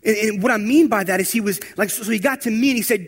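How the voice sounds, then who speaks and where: Man preaching a lively sermon. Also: high-pitched, fast, few pauses, husky. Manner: storytelling, rising to loud emphatic preaching. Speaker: pastor.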